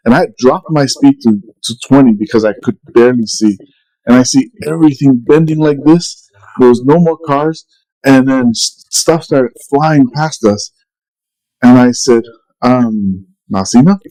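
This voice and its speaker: A man's voice: mid-range voice, unhurried, dark tone, poor audio. A middle-aged man casually telling a long story on a podcast, rambling with many restarts and quoted dialogue. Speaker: podcast co-host.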